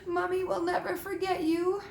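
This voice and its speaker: Woman voicing a gruff soft-hearted giant gamekeeper, blustery and fond, fairly high voice, echoey room. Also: sing-song, measured pace, slight background noise. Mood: tearful. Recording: echoey room with faint ambience.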